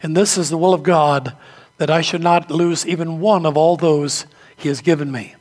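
A man with a high, light voice preaching in a church. He tells his stories with feeling and takes on the voices of the people in them. His words ring out with a long echo through the hall. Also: fairly even intonation, moderate pace. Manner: storytelling preacher, acts out quoted voices. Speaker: pastor. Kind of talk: sermon.

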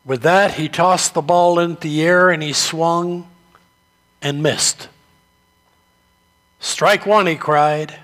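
A man preaching a sermon, telling stories slowly and deliberately. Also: on the high side, fairly even intonation, a bit bright. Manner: slow, deliberate storytelling delivery. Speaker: pastor.

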